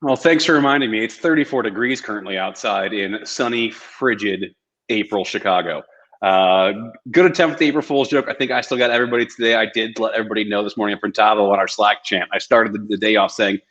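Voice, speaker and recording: A man's voice: lowish voice, fairly even intonation, fast talker, fairly bright tone. A man hosting a webinar in an upbeat, joking, casual way over a video call. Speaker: webinar host. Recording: muffled video call audio.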